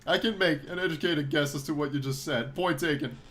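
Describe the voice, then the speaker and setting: A man's voice: on the high side, brisk. A young man hosting a gaming video, reading a text game aloud and joking as he reacts. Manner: animated, joking, reacts with laughter. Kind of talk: playing and commenting on a text game.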